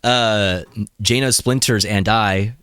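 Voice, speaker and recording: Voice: mid-range voice, slow pace, fairly bright tone, clear, resonant tone, no echo, clean studio sound. A young adult streamer in a casual live-stream rant, heated and profane, breaking into laughs.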